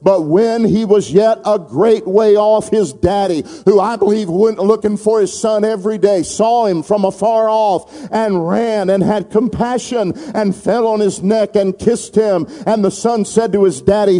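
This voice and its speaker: A man's voice: high-pitched, steady tone, moderate pace, few pauses, warm tone, in a large hall. A man preaching a sermon, retelling a parable with dramatic storytelling and calling on the congregation to answer him.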